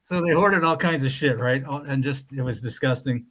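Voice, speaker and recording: A man's voice: medium pitch, normal speed, a bit bright. A man hosting a casual comedy podcast, telling jokes in a laid-back way. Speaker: podcast host.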